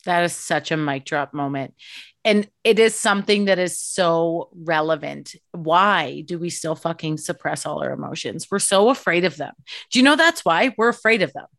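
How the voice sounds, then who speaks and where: Woman, forties, frank and animated podcast talker, dead-dry close mic. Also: normal speed, no echo. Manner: expressive, swears freely, mimics herself with big pitch jumps. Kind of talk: candid casual chat.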